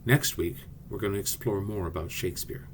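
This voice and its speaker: A man's voice: lowish voice, a little fast, a little hiss or hum. A male theatre teacher giving a friendly class video lesson, explaining directly to his students.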